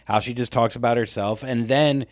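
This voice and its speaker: Male podcast co-host, laid-back and deadpan, dry close mic. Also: mid-range voice, moderate pace, no echo. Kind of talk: casual podcast chat.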